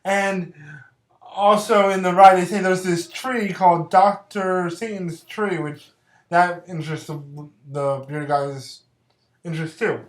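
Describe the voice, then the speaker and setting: Giggly rambling vlogger recapping a movie, lots of um and like, mid pitch, echoey room. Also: steady tone, unhurried. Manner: rambling, filler-heavy, giggly. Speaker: vlogger reviewing films. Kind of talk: casual movie plot recap.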